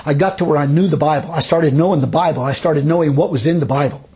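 A man's voice: fairly high pitch, quick pace, mellow. A man preaching a sermon, telling stories in a folksy, chuckling way. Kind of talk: sermon with personal storytelling.

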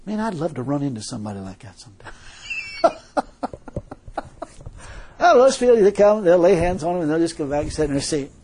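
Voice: mid-range voice, very animated, fairly quick, pauses often, warm tone, slight background noise. A preacher giving a sermon in a folksy, emphatic, colloquial way, full of rhetorical questions.

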